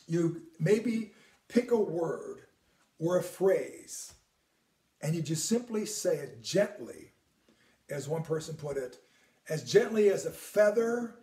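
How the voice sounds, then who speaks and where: A man's voice: high-pitched, dark tone, roomy sound, distant mic. A man, a priest, teaching on prayer in an earnest way, repeating words and at times dropping almost to a whisper.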